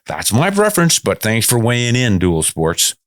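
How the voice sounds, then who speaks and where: A man's voice: mid-range voice, wildly swooping pitch, moderate pace, dry recording, clean studio sound. An older man hosting a podcast, answering viewer comments in a casual, good-humored, self-deprecating way. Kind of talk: casual chat.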